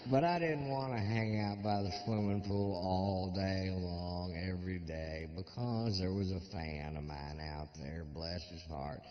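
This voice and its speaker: A male stand-up comedian telling stories in a slow, deadpan way. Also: deep voice, dull audio.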